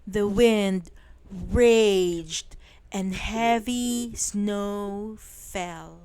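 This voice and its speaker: Woman narrator for bedtime stories, very slow, smooth and soothing, voice a touch high. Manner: slow, soothing, clearly spoken. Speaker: storyteller. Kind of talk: bedtime story reading.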